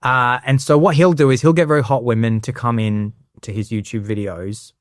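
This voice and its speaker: On a podcast he co-hosts, a man keeps the comedic chat casual and lively, frequently doing silly voices of other people. He speaks a little fast in a steady, medium-pitched voice, recorded at studio quality with no echo.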